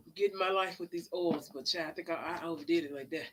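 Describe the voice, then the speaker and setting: A woman's voice: on the low side, quick pace, hardly any pauses, husky, poor audio. A woman giving a casual live tarot reading, chatty and drawling, sniffling now and then. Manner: chatty, drawling, calls listeners honey and child. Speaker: tarot reader.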